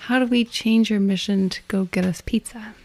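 A woman's voice: medium pitch, steady tone, moderate pace, a little mellow. A woman co-hosting a podcast, chatting playfully and asking teasing questions. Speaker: podcast co-host. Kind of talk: casual comedic chat.

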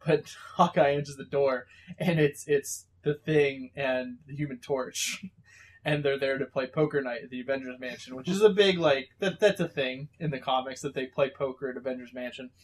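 A man's voice: mid-range voice, normal speed. A man chatting casually, retelling cartoon scenes with frequent laughter and acted-out quotes. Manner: animated storytelling, laughs often, acts out quotes. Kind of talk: casual chat about comics and cartoons.

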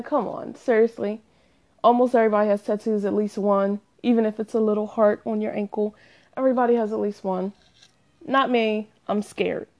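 A woman talking casually to camera in a chatty, self-deprecating, animated way. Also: medium pitch, vocal fry, lo-fi sound. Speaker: vlogger. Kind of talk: confessional casual monologue.

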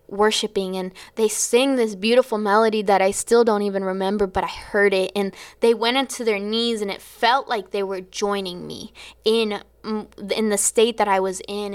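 A young adult woman tells her faith story in a loose, conversational way. She acts out what she and others said and often breaks into laughter. Her voice is smooth and resonant, with a middle pitch for a woman. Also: fairly bright tone. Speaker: teacher sharing a personal faith testimony. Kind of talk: casual spoken testimony.

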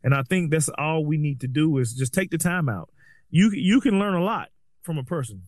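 A middle-aged man from the Deep South hosts a loose conversation. His voice sits a bit high, and he rambles earnestly, repeating words as he gets going. The sound is close and dry. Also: animated, normal speed, dry recording. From American Deep South. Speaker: host. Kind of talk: casual conversational chat.

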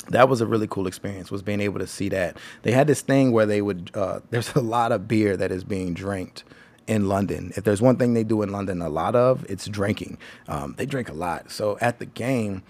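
Young southern guy rambling thru a travel story, kinda low voice, lots of ums. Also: creaky, a little mellow. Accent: Southern American. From Tennessee, USA. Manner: laid-back, rambling, frequent ums and profanity. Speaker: podcast host. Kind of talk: casual storytelling monologue.

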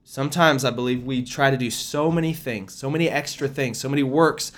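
A man preaching earnestly and prayerfully, calling his listeners y'all and slowing down to press on key words as he explains scripture. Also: medium pitch. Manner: slows and leans harder on words when explaining scripture. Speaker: preacher sharing a prophetic word. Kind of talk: spontaneous sermon and scripture reading.

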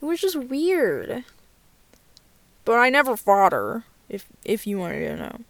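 Slow-talking young woman ranting from her car. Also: on the high side, sing-song, dry recording. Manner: candid, sweary, full of "like" fillers. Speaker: vlogger. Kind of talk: casual storytime chat. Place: inside a parked car.

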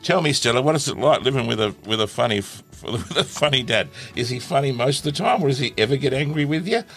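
A man's voice: medium pitch, lively intonation, quick pace, fairly bright tone. A man hosting a casual interview, jovial and laughing often as he leads laughing exercises. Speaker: host.

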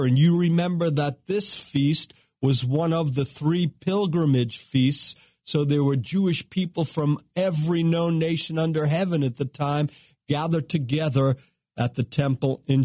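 Slow, emphatic man teaching scripture. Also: mid-range voice, a little mellow, no echo, studio quality. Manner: unhurried, emphatic scripture reading. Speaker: rabbi. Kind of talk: podcast teaching.

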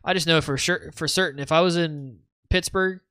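A man's voice: on the high side, moderate pace, bright, forceful tone, smooth, no echo, studio quality. A man on a podcast, chatting casually over a voice call, rambling with many restarts. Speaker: podcast guest. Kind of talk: casual chat. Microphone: remote voice call.

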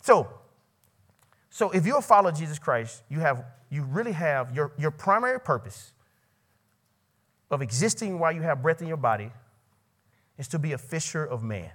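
A man preaches a sermon at a college ministry meeting. He questions the audience directly and swings from loud, soaring lines to quiet, low ones. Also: sing-song, normal speed, pauses often. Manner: preaching with sudden loud rises and quiet drops. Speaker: pastor.

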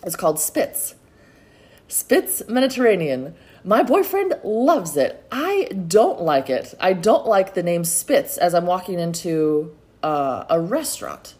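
A woman's voice: fairly low pitch, very animated, slow, darkish tone. A middle-aged woman hosting a solo podcast, talking in a chatty, encouraging way and calling her listeners y'all. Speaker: podcast host. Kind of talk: motivational solo podcast talk.

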